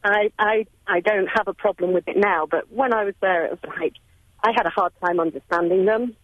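A woman's voice: medium pitch, brisk. Hesitant woman caller on the phone. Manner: hesitant, with nervous laughs. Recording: tinny phone line.

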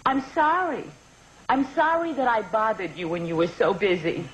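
A woman's voice: medium pitch, sing-song, moderate pace, close to an everyday voice. A woman playing a doting, guilt-tripping older mother on the phone in a comedy sketch, with a sing-song, pleading, melodramatic manner. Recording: dull vintage recording with hiss.

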